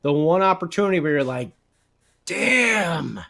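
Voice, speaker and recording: Animated, chatty male podcast host. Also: a little high, moderate pace. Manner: chatty, animated, with filler words. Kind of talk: casual sports podcast chat.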